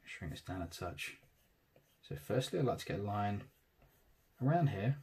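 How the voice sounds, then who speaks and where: A man, casually talking through a digital tattoo drawing in real time, thinking aloud and trailing off softly. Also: fairly low pitch, very animated, moderate pace, husky.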